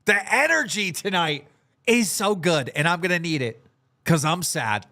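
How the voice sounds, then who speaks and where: Slow-talking high-voiced podcast host. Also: male voice, lively intonation, sharp tone. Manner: hype sing-song intros, then subdued and sad. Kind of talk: livestream podcast chat, reading out supporter names.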